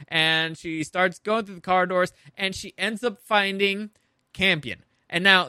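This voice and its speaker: A man's voice: high voice, bright, forceful tone, no echo, studio quality. A young man casually recapping a show episode, rambling and swearing, often laughing at his own jokes.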